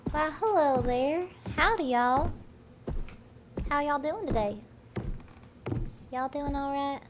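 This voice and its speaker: Woman doing a syrupy southern belle, howdy-y'all drawl, highish voice, noisy stream audio. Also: lively intonation, slow pace. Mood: sugary. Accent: Southern US, put on. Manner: drawling, overly polite. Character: sweet-talking southern belle greeter, woman.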